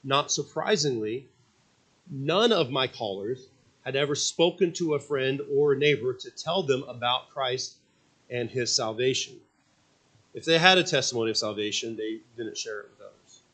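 A man preaching at a church service, reading an account aloud, halting with frequent restarts and questions to the congregation. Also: mid-range voice, fairly bright tone, slightly rough, rough recording. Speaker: pastor.

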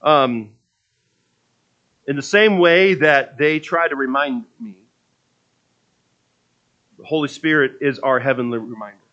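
A man delivers a sermon in a relaxed, storytelling way, often stumbling and restarting phrases. His voice sits at an ordinary middle pitch. The recording sounds a little muffled. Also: unhurried, long pauses. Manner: conversational storytelling preaching with repeated restarts. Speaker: preacher.

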